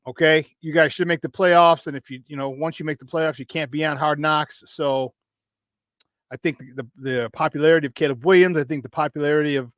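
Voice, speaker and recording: A man's voice: fairly high pitch, fairly quick, no echo, clean studio sound. Hyped slangy sports show host, man. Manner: energetic, slangy, greets chat viewers by name, laughs often. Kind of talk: casual morning sports chat.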